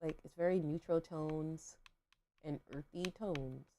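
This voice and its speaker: A young woman with a low, mellow voice talks casually to her stream while playing. She rambles, fills gaps with "like" and "um", and questions herself along the way. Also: slow, slight background noise. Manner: rambling, filler-heavy, self-questioning. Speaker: livestream host. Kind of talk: casual chat while gaming.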